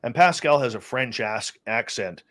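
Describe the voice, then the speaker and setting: A man, a radio host, speaking as an interview guest and telling a personal story in a lively way, often restarting his sentences. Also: medium pitch, normal speed. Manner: animated storyteller with many restarts. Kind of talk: casual storytelling chat.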